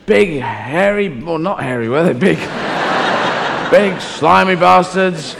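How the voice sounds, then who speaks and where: A man's voice: a little high, expressive, slow, gravelly, exaggerated voice. A man playing Jesus as a petulant young son, whining at his father on a noisy live stage recording. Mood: curious. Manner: whining complaints. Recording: live stage recording in a hall with room noise.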